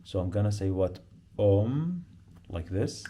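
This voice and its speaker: A man with an Arabic accent teaching a beginner lesson, speaking slowly and repeating each word to drill pronunciation. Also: lowish voice, big pitch swings, mellow, a little hiss or hum. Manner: slow, repetitive, drills pronunciation.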